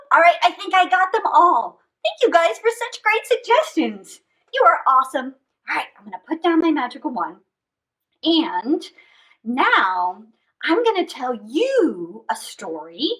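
A woman with a high voice runs a live children's story time, reading in a sing-song way and playfully leading the kids in pretend games. She's animated throughout, though the audio is poor.

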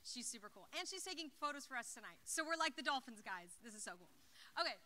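A young woman giving a youth service message, telling a story in an excited, chatty way with lots of "like" into a handheld mic. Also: on the high side, quick pace. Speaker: youth speaker.

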